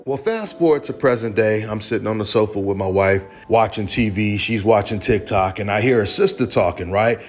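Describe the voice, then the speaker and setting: A man's voice: lowish voice, fairly quick, hardly any pauses, faint music behind. Chatty man telling a story to viewers. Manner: chatty, conversational, says "right?" often. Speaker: channel host.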